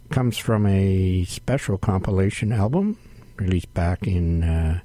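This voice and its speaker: A man hosting a radio music show from a studio, announcing tracks in an unhurried way with frequent "uh" fillers. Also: sits low, dark tone, dry recording. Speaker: radio host.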